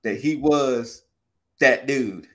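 Enthusiastic male co-host, mid-pitched voice, casual chat. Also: slow pace, fairly bright tone. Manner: enthusiastic, gushing. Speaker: podcast co-host. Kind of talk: casual movie review chat.

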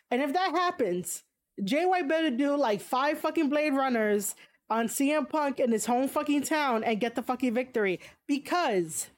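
A woman with a slightly high voice rants casually, reading out viewers' comments and firing back at them. She swears bluntly, leans on fillers and laughs often, jumping into high exclamations when something surprises her. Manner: blunt and profane, frequent fillers. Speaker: streamer reading chat. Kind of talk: casual opinionated chat.

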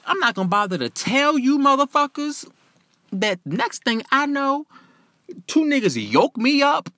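A man telling a personal story in a profane, animated and emphatic way. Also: very high voice, measured pace, no room sound, clean studio sound.

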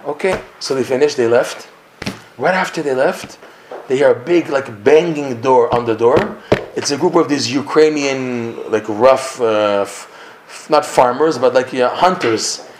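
A man teaching a Torah class, telling a story with lively acted-out dialogue. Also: medium pitch, unhurried, background noise. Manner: animated storyteller acting out the characters' lines. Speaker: religious teacher.

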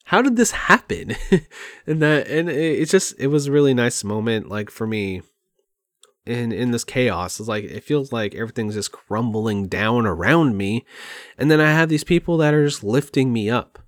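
Sitting at home by his computer, a podcast host delivers a rambling, emotional, openly candid monologue about himself. His medium-pitched voice moves at normal speed, and the recording is dry with clean studio sound.

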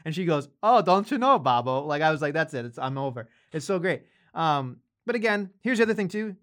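Man, podcast co-host, casual chat, rambling, slightly high voice. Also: brisk, fairly bright tone. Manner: rambling, many fillers and restarts.

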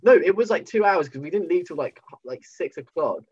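A man's voice: a little high, animated, fairly quick, darkish tone, husky. A young British man, a podcast guest, chatting casually and jokingly over a video call, swearing and playing up mock indignation. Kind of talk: casual banter. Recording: muffled lo-fi call audio.

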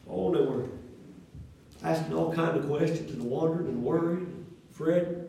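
A middle-aged man preaches in a church, his voice set high for a man and rising and falling as he builds his points. He talks folksy and plain, trading call and response with the room. The sound is echoey and a little distant from the mic. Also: moderate pace, gravelly, warm tone, slight background noise. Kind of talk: preaching a sermon.

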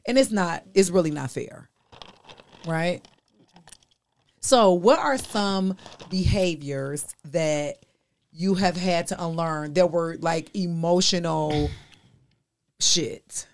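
Gravelly-voiced woman hosting a candid chat. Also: lowish voice, slow pace, long pauses. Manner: candid, emphatic, conversational slang. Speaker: host. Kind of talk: casual group discussion.

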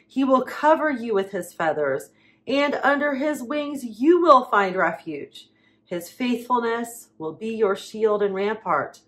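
A woman preaching, reading Bible verses aloud with slow emphasis and dramatic pauses. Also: on the high side, expressive.

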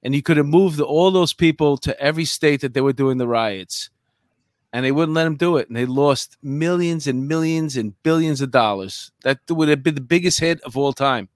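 A man's voice: a little high, moderate pace, dry recording. A man in his fifties hosts a casual chat and spins stories in a talkative way. His voice is dry and close. He restarts his phrases often. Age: 50s. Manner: storytelling, chatty with many restarts.

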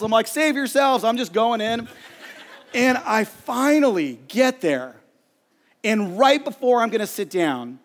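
A middle-aged male pastor preaching from a church stage, telling a self-deprecating story in an animated way. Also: high voice. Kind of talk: storytelling sermon. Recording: long hall reverb.

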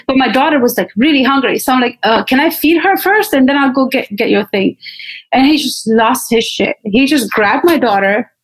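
A young woman from Pakistan recounts her life as an interview guest. She speaks in a candid, animated way with a slightly high voice and slips into the voices of people she quotes. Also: moderate pace, poor audio. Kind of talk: personal story in conversation.

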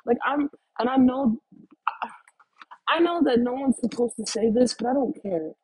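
Husky young woman rambling to her viewers. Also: on the high side, moderate pace, low-quality recording. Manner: animated, swearing, addresses listeners as y'all. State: stuffy with sniffles. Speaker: vlogger. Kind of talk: casual rambling monologue.

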